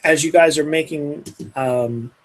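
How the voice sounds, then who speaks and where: A Canadian-accented man runs a tabletop game as game master, narrating loosely and meandering with lots of fillers and restarts. His fairly high voice keeps a measured pace, and the recording quality is low.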